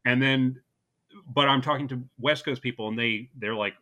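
A man from New Jersey co-hosting a casual film review podcast, an animated and joking storyteller. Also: medium pitch, normal speed, muffled recording. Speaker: podcast co-host.

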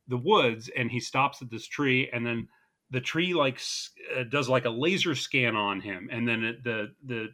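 A man with a bright, forceful tone, chatting loosely about a film. He rambles with fillers and restarts in an easygoing way. His pitch sits in the middle range. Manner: relaxed, rambling, laughs easily. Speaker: podcast co-host. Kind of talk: casual movie review chat.

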